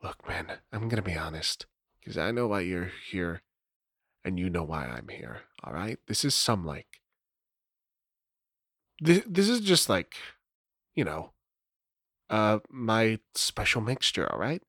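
Casting note: a cagey young vampire fledgling, low and hushed, in a dry room, as a man plays him. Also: sing-song, measured pace, long pauses, no room sound, exaggerated voice. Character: young male vampire fledgling, nervous, testing.

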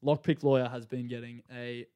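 A man who is a guest on a casual podcast. He tells lively stories, acts out quotes in other voices and laughs often. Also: medium pitch, normal speed, a crowd in the background. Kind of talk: casual chat.

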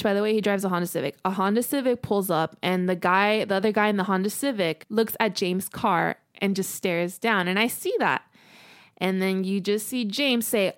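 A woman's voice: medium pitch, no room sound, studio quality. Young woman telling a podcast story. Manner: animated, exasperated storytelling with frequent swearing. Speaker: podcast co-host.

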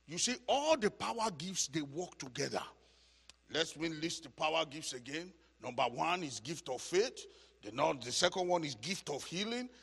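A man teaching a Bible study as a sermon, preaching with passion, repeating phrases for emphasis and building to shouts. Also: fairly high pitch, big pitch swings, moderate pace, creaky, husky, big-room sound.

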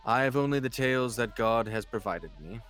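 A man's voice: mid-range voice, expressive, fairly quick, a bit bright, soft background music. A man playing a pious character in a tabletop game, formal in character and stammering out of it. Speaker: player.

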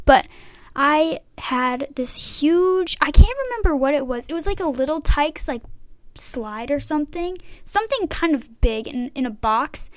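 A woman's voice: high-pitched, no echo. A young woman hosting a casual chat, rambling with lots of fillers. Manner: rambling, many "like" and "I don't know" fillers. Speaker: podcast host.

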